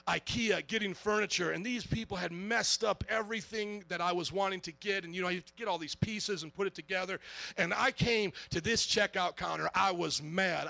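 A man preaching a sermon as a pastor, telling stories with lots of energy, acting out other people's voices and shouting now and then. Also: high voice, creaky, dry recording. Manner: animated storytelling, acts out voices, shouts.

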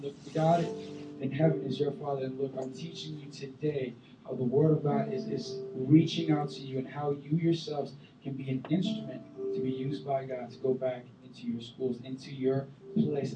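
A man preaching a sermon as a youth pastor, animated, bursting into loud acted-out voices. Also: mid-range voice, normal speed, over music. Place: church sanctuary. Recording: echoey room, voice from far off the mic.

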